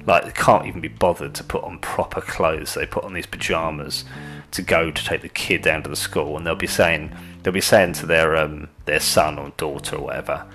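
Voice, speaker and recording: A man's voice: extremely low pitch, steady tone, normal speed, fairly bright tone, faint music behind. A man ranting in a casual monologue, sweary and exasperated, rambling with restarts.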